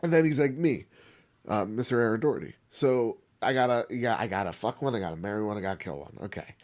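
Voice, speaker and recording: A man's voice: lowish voice, fast, darkish tone. A man hosting a gaming podcast, chatting casually, rambling and laughing often. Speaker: podcast host.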